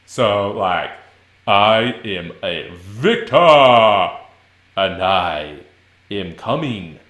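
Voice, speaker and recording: A pompous worm adventurer, played by a man, who talks himself up in a low, deliberate voice. It sounds like an echoey room. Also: sing-song, fairly bright tone, heavily acted. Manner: pompous, self-important. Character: proud male worm adventurer.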